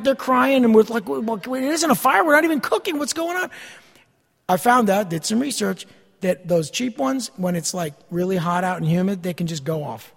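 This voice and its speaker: A man's voice: high-pitched, vocal fry, in a large hall. A middle-aged male pastor giving a conversational sermon, acting out everyday anecdotes as he preaches.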